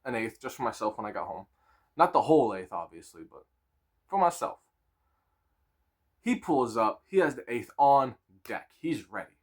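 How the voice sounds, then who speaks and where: A man in his twenties telling a casual storytime with crude slang, animated and laughing. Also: mid-range voice, moderate pace, pauses often.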